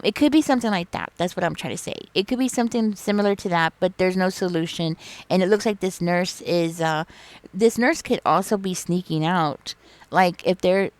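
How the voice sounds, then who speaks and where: A woman's voice: lowish voice, no room sound. A woman giving a casual tarot reading, chatty and rambling as she thinks aloud. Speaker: tarot reader.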